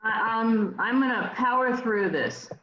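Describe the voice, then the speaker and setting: A woman calling the roll at an online meeting, drawn-out and apologetic, on a muffled call with faint noise. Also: fairly high pitch, a bit bright, echoey room. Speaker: board secretary calling roll. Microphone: video call.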